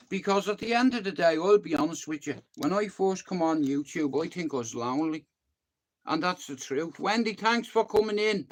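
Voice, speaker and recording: This YouTube livestreamer from Ireland, a man in his fifties, chats in a meandering way, circling back to the same points and cursing offhandedly. His pitch is a little high and his tone fairly bright.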